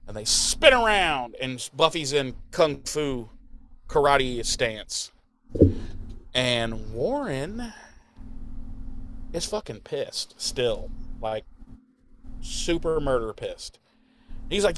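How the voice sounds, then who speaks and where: Recapping a TV episode on his podcast, this co-host rambles and swears, slipping briefly into mock voices of the characters. His mid-range voice is fairly bright and swings widely in pitch, with slight background noise.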